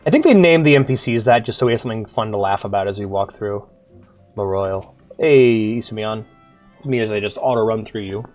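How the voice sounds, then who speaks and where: A man's voice: on the low side, fairly quick, darkish tone. Playful man joking through a game. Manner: joking, playful, self-mocking, swears casually. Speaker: streamer playing a game. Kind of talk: casual gameplay commentary. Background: faint music.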